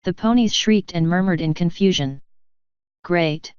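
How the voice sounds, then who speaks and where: A woman narrating fanfiction in a steady storytelling manner. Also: on the low side, moderate pace, clear, resonant tone, no echo. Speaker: audiobook reader. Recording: dry, dull lo-fi recording.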